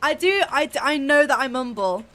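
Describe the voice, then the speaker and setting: Fast-talking woman with a softened Birmingham accent. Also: high-pitched, lively intonation. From England, near Birmingham. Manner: fast, mumbly talk. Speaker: stream co-commentator. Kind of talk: casual chat over gameplay.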